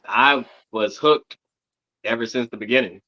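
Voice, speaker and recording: A man co-hosting a casual wrestling podcast, speaking in a laid-back, measured way. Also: mid-range voice, bright, forceful tone, no echo. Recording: dull lo-fi mic.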